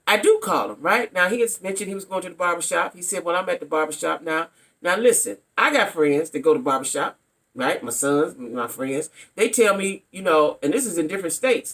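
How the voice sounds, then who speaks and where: A middle-aged woman vlogger spins a dating story straight to camera. Her voice is bright and forceful. She talks bluntly and keeps checking in with her listeners. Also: lowish voice.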